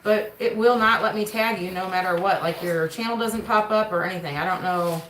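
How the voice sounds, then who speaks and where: Speaking fairly quickly in a lowish, fairly bright voice, a homestead channel host and mother chats through a casual livestream mail call from her table at home, often breaking off to talk to her kids. Slight background noise and a roomy home echo reach the camera sitting on the table.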